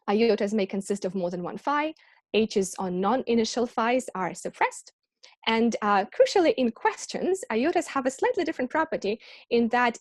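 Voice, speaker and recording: A woman delivers an academic colloquium talk, explaining each point patiently and often pausing on ums and restarting words. Her voice sits at a mid pitch. The recording is dry and close, as on a video call. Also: no echo. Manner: explanatory, with frequent ums and self-corrections. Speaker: academic lecturer.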